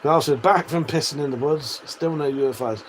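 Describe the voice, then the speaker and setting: On a casual livestream, a male host reads viewer messages aloud and chats back in a sweary, matey manner, laughing frequently. His voice runs on the high side at a normal pace, and the low-quality recording carries a little hiss or hum.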